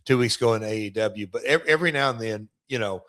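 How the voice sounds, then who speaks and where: A man's voice: lowish voice, fast talker, a bit bright. Middle-aged guy co-hosting a podcast, chatty and rambly, keeps restarting lines. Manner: rambling storyteller, restarts sentences. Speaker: co-host and former wrestler. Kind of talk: casual podcast chat.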